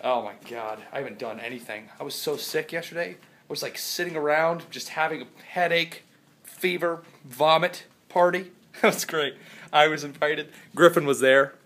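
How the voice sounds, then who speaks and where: A man chatting in a rambling, jokey vlog from his house, still sick, swinging from loud outbursts to mumbles. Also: on the high side, normal speed. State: sick, congested. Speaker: vlogger. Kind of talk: casual vlog chat.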